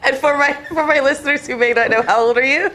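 A woman's voice: sits high, fast talker, bright, forceful tone, slight background noise. A woman hosting a podcast in casual interview chat, laughing often and chiming in with encouraging remarks. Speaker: podcast host.

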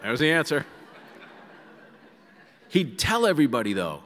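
A man telling funny stories to a live audience in a large auditorium, animated and full of asides. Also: fairly high pitch, normal speed. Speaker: guest speaker. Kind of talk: comic storytelling to a live audience. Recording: reverberant hall sound.

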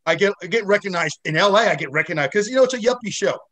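A man with a slightly raised pitch talks loosely and at length as a guest, circling back on himself with restarts and curse words. He is still shaken after a head injury, and it shows in the way his sentences wander before they land. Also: animated, racing, fairly bright tone. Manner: rambling, many restarts, swears freely. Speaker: actor guest. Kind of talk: casual interview chat.

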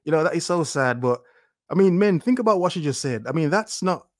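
A man's voice: a little high, lively intonation, brisk, no room sound, clean studio sound. Blunt mocking male commentator. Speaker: commentary host. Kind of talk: reaction commentary.

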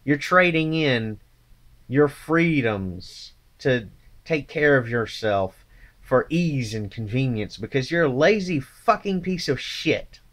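A man's voice: mid-range voice, animated, slow pace, a bit bright. A man ranting angrily to his channel, contemptuous and swearing constantly. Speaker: channel host. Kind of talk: angry profane rant to camera.

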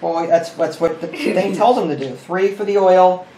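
A man hosting a board game session, explaining the rules and counting pieces out loud as he plays. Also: high voice, normal speed. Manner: thinks aloud, counting pieces and muttering rules. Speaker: host. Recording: roomy room with faint noise.

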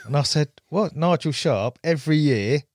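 A man's voice: medium pitch, fairly quick, no room sound, clean studio sound. A man, a guest on a podcast, telling stories in casual chat and laughing often. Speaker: guest angler. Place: podcast studio.

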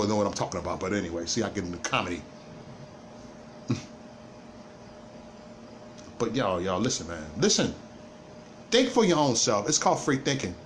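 A man ranting through a livestream monologue. His pitch swings widely as he hammers points home and stammers over restarts. A faint hiss of noise sits under the voice. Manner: emphatic, repetitive, stammering restarts. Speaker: livestream host.

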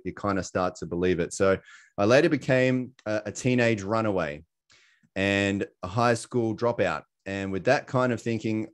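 A man with an Australian accent talks through a presentation on a video call. His voice sits a little low, and he rambles in a friendly way, full of "um" and "you know", with a laugh at his own expense now and then. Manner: chatty, many fillers, laughs at himself. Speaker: presenter sharing his story.

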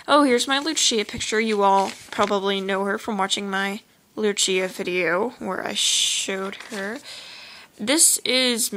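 This clip has a woman's medium-pitched, slightly bright voice over poor audio with a bit of hiss or hum. She's a teenage vlogger casually chatting about her own drawings, gushing and rambling with many a "like" and "oh my gosh."

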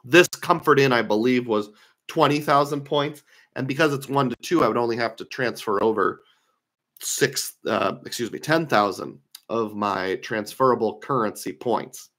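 A man's voice: mid-range voice, moderate pace, a bit bright. A man giving a casual screen-share lecture on credit card points, talking through his opinions with fillers, his voice slightly worn. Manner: conversational, opinionated, thinking aloud with fillers.

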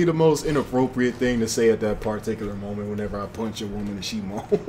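A man's voice: on the low side, expressive, fast, hardly any pauses, a little mellow, slight background noise. A young man giving loose, slangy commentary to himself while playing a shooter game. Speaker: gaming channel host. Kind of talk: casual gameplay commentary.

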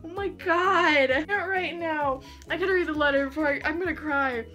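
Excitable woman vlogger, high-pitched and bright, gushing casual chat. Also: normal speed, faint music behind. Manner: excitable and gushing, laughing often. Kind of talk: casual unboxing vlog.

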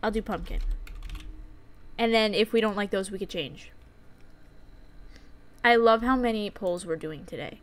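A young woman live-streaming a farming game, chatty and excitable, often giggling and reacting out loud. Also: mid-range voice, measured pace, long pauses.

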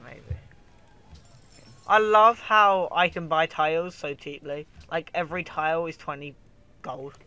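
Teasing man with a bright, high-ish voice. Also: steady tone, a little slow, clean tone, no room sound, rough recording. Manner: teasing, incredulous reactions. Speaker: gaming co-host. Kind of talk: casual gameplay chat.

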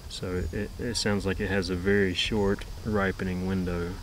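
A man's voice: low-pitched, flat delivery, moderate pace, slight background noise, rough recording. A young man in casual chat about his homestead, easygoing and plainspoken, often trailing off. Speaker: homestead vlogger, co-host. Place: outdoors at a garden.

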